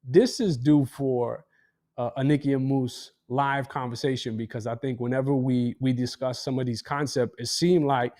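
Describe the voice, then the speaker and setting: A man's voice: medium pitch, fairly even intonation, normal speed, a little mellow. Laid-back man co-host hyping along. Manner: laid-back slang, hyping with wow and facts. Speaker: podcast co-host. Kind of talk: casual live show chat.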